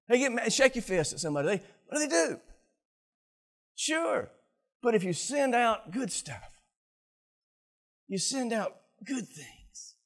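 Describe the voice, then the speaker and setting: Older male pastor preaching, husky and animated. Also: sits high. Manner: animated, laughing, talking to the congregation. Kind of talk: sermon.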